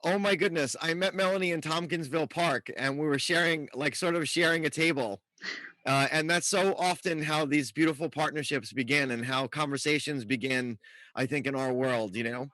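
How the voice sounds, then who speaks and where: A man's voice: on the high side, normal speed, dry recording, rough recording. A man co-hosting a podcast, chatting casually with frequent laughs and filler words. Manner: laughs often, warm filler-heavy rambling. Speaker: podcast co-host.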